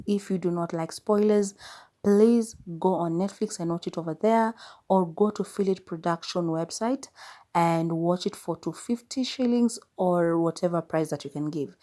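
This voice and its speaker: A woman's voice: lowish voice, mellow. A young Kenyan woman hosting a podcast, chatting casually as she retells a film and quotes its characters. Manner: chatty, retells scenes with quoted lines and laughs. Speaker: podcast host.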